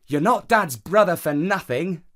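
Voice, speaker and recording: Man putting on a keen young boy, bouncy and expressive, unhurried. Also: sits high, pitched above the performer's own voice. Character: boy, young, excited and protective.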